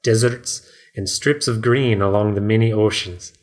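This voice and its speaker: A man's voice: on the low side, steady tone, normal speed, close to an everyday voice. A man doing a starship officer in a wobbly fake accent. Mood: matter-of-fact. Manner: clumsy put-on accent that drifts. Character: young male starship officer, earnest.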